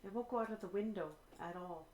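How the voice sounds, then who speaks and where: A woman's voice: mid-range voice, fast talker, a little mellow, reverberant, slight background noise. A woman streaming a game, grumbling and muttering to herself in exasperation. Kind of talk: casual live-stream talk.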